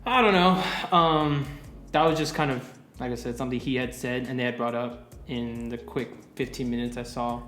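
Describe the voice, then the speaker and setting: A man's voice: medium pitch, flat delivery, normal speed, fairly bright tone. A man in his twenties co-hosting a podcast in casual chat, rambling with lots of swearing and fillers. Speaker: podcast co-host. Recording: roomy, faint music.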